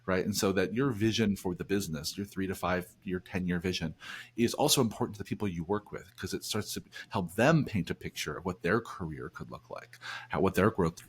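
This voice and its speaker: A man's voice: sits low, fairly quick, breathy edge. A man from New Jersey hosting a business podcast, chatty and upbeat, often restarting phrases as he talks. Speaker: podcast host. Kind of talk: casual podcast conversation.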